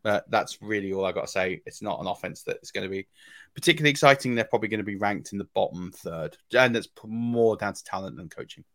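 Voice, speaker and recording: A man's voice: on the low side, fast, a bit bright, no room sound. A man co-hosting a fantasy football podcast, giving casual analysis with many ums and restarts.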